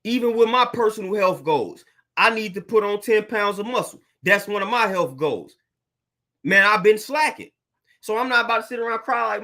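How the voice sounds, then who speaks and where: A man's voice: sits high, animated, a little fast, bright, forceful tone. A young adult man, a fitness trainer, ranting bluntly and preachily to camera, repeating himself and using slang. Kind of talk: blunt motivational rant to camera.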